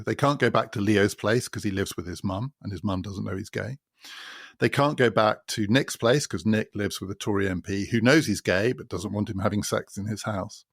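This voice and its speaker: A man hosting a podcast who explains a novel in a measured, storytelling way. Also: fairly low pitch, creaky, no room sound, clean studio sound. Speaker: podcast host.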